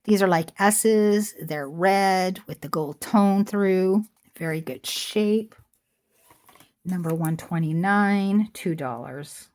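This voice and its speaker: A woman's voice: on the low side, slow, a little mellow. A middle-aged woman chatting casually as she shows jewelry for sale at home, rambling off into asides. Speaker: online jewelry seller. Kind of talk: casual chat while showing jewelry. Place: home room with a squeaky chair.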